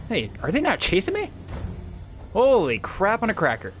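Excitable young man yelping at a game. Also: high-pitched, moderate pace, faint music behind. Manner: excitable, profane, yelping reactions. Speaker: gameplay streamer. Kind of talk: live gameplay commentary.

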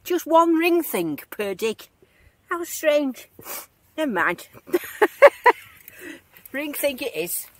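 A woman vlogging outdoors in a field, giving bubbly, excited running commentary as she digs and talking to her finds. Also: high voice, very slow, pauses often, no echo. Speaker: metal detecting vlogger.

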